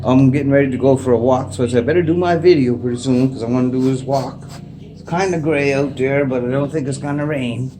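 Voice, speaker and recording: A man's voice: medium pitch, quick pace. Rambling laid-back Canadian man. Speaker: vlogger. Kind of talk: casual unscripted chat to camera. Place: indoors at home. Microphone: phone propped up facing him.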